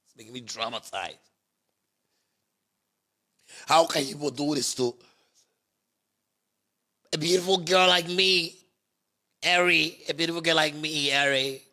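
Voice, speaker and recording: A Ghanaian man doing a theatrical, wounded woman who keeps insisting on her misfortune. The voice sits a little higher than usual and has a gravelly rasp. It comes out bright and pushy in a whiny sing-song. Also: normal speed, pauses often. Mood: mock whining. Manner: whiny sing-song, repeating phrases, breaking into laughter. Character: melodramatic self-pitying woman, wounded and theatrical. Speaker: musician mocking a critic. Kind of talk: mocking impersonation monologue.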